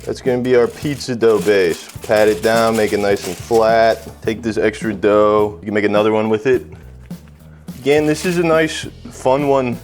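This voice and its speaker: A man's voice: fairly low pitch, fairly even intonation, normal speed, darkish tone, faint music behind. A young man hosting a comedic cooking video, joking crudely and swearing as he cooks and tells stories. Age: young adult. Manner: crude, profane, self-mocking jokes. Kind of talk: casual comedic cooking vlog.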